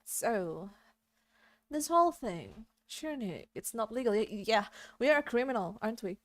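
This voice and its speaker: A woman's voice: on the high side, very animated, normal speed, no echo. A woman with an Indonesian accent streaming a game in a giggly, apologetic way. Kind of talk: casual live-stream chat.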